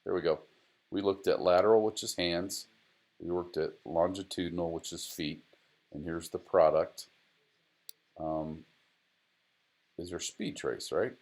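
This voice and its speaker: Low-voiced man explaining lap data. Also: fairly even intonation, unhurried, pauses often. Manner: casual, repeats phrases, talks to the software. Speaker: driving data instructor. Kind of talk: screen-recorded data analysis tutorial.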